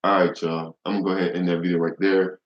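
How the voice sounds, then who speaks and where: A man's voice: low-pitched, flat delivery, racing, echoey room, dull audio. A young man delivering a blunt, profane, heated monologue to camera, with frequent restarts. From United States. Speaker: vlogger.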